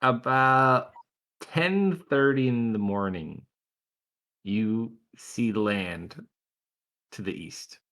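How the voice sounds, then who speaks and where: A man's voice: medium pitch, very slow, pauses often, a bit bright. A man narrating as game master in a tabletop game, loose and full of fillers.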